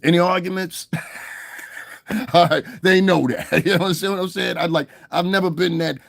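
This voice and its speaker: A man's voice: sits high, steady tone, brisk, creaky, dry recording. Blunt, profane man ranting casually. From United States. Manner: blunt, profane, repeats "you understand what I'm saying", chuckles often. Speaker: commentary vlogger. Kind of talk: casual monologue rant.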